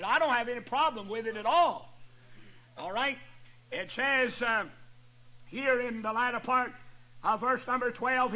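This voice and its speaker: A man's voice: extremely high pitch, bright, forceful tone, lo-fi sound. A man preaching a fiery Bible-teaching sermon, folksy and emphatic, stretching out key words.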